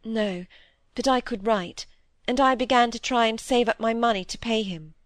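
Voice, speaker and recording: A woman's voice: fairly high pitch, normal speed, dry recording, lightly acted. Woman reading as a troubled, confessing young woman. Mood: confiding. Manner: earnest, regretful, rising to indignation. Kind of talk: audiobook reading of dialogue.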